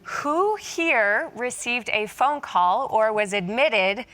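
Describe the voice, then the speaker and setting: A woman moderating a panel, speaking excitedly to a live audience. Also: a little high, slow. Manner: excited, upbeat.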